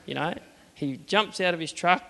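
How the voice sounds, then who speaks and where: Australian man, fairly high voice, plain-spoken testimony, hall reverb. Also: moderate pace, vocal fry, sharp tone. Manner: earnest, plain-spoken, acts out the dialogue. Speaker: churchgoer telling his faith story. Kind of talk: personal testimony storytelling.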